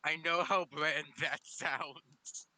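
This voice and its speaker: A man's voice: on the high side, steady tone, extremely slow, pushed and bright, poor audio. A man playing a tabletop game over voice chat, laid-back and self-deprecating. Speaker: player.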